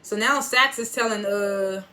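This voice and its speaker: In an unhurried, mid-range voice that sounds pushed and bright, a TV reviewer recaps an episode in casual AAVE. Telling it as a story, he goes through scenes line by line, quotes characters with "he was like," and chuckles and reacts at the twists.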